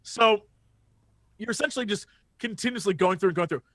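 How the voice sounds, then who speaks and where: A man in casual podcast chat, his voice sitting high for a man as he tells a story. He gets worked up and swears often. The sound is dry and close, with no room echo. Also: fairly quick. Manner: excitable storyteller, swears freely. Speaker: podcast co-host.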